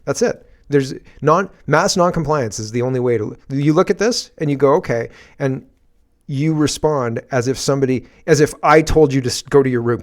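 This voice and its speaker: A man's voice: fairly high pitch, animated, a little fast. Male commentary host, unscripted rant from his garage, defiant and punchy, with frequent profanity.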